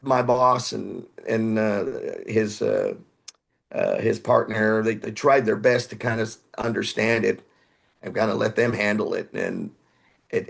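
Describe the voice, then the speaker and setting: A man's voice: lowish voice, gravelly, a bit bright, slightly rough. A man, telling rambling stories as a podcast guest and sometimes acting out other people's voices. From Houston, Texas. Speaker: guest musician. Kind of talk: casual interview storytelling.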